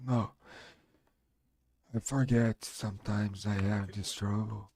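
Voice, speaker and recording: A man from Brazil with a Brazilian Portuguese accent and a strong voice, chatting on his live stream in halting English as a non-native speaker. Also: lowish voice, level tone, darkish tone, no room sound. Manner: halting, searching for English words. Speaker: game streamer. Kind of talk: casual live-stream chat.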